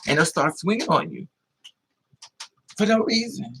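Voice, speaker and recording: A man telling a story in a casual monologue, animated and acting out voices with high-pitched squeals. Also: unhurried, vocal fry, long pauses, slightly rough, low-quality recording. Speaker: live streamer.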